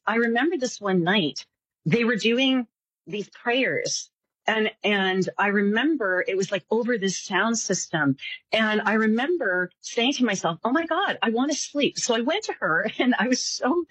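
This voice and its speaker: A woman's voice: mid-range voice, measured pace, slightly rough, no echo, poor audio. A woman guest telling a personal story in a casual interview, acting out the voices of the people in it. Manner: animated, acts out voices in her stories. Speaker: psychic guest.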